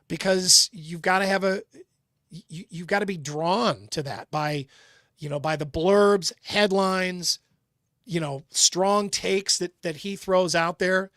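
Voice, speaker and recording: A man co-hosting a casual sports talk show, speaking in halting bursts with many restarts. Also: high voice, a bit bright, dry recording, clean studio sound. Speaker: co-host.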